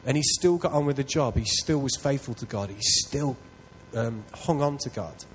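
A man's voice: mid-range voice, normal speed, a little hiss or hum, poor audio. Earnest man preaching a sermon. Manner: earnest, self-deprecating, builds to loud excitement. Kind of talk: sermon with personal storytelling.

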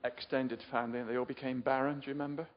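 A man's voice: mid-range voice, flat delivery, rapid-fire. An older man from England giving a chatty, informal sermon, often asking his listeners questions and poking fun at himself. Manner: chatty, self-deprecating, asks the audience questions. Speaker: preacher. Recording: muffled sound in a reverberant hall.

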